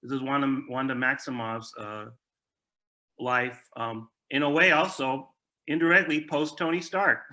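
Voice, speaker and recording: A man's voice: medium pitch, fairly even intonation, unhurried, bright, forceful tone. A man co-hosting a review show, chatting casually and agreeably, often repeating words as he restarts. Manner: stammering restarts, agreeable and enthusiastic. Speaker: movie review show co-host.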